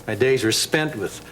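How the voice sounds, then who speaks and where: An actor playing an easygoing physical therapist in a TV drama, speaking calmly. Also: male voice, fairly low pitch, poor audio. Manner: calm and easygoing. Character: easygoing, self-aware male physical therapist. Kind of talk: daytime TV drama acting.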